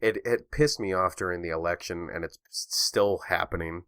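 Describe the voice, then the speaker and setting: A man's voice: sits low, moderate pace, a bit bright, smooth, no echo. A man co-hosting a casual podcast, who throws in dry, teasing wisecracks. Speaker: podcast co-host.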